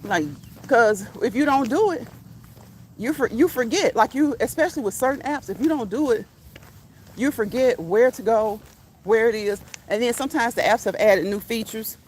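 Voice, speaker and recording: A woman's voice: on the high side, moderate pace, slight background noise. A woman hosting a casual live stream, chatting, laughing often and reading out viewers' comments.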